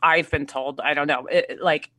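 A woman's voice: deep voice, steady tone, normal speed, fairly bright tone, no echo. A woman in casual conversation, hesitant, with many fillers and restarts. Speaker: guest, theater artist and writer.

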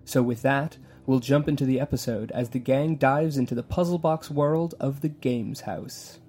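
Mellow-voiced male recap narrator. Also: medium pitch, husky. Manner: steady, measured recap. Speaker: show narrator.

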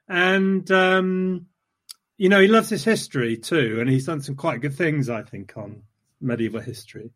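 A man hosting a relaxed conversation. He rambles through anecdotes with self-deprecating asides, and his pitch leaps up and drops back often. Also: normal speed. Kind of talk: casual conversation.

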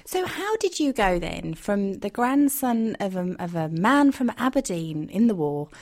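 A woman's voice: mid-range voice, big pitch swings, measured pace, a little mellow. A woman hosting a podcast, chatty and friendly as she interviews a guest. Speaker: podcast host. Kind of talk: interview conversation.

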